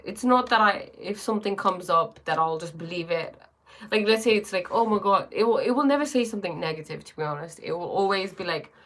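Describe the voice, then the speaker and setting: A woman's voice: medium pitch, slight background noise. A woman hosting a live stream who chats casually, greets viewers by name and reads oracle cards aloud, often restarting her sentences.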